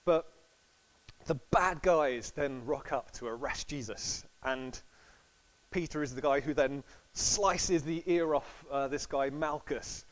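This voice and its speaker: Guy giving a chatty church sermon, kinda high voice, laughs a lot, acts out the bible quotes. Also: slow pace, low-quality recording. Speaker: preacher.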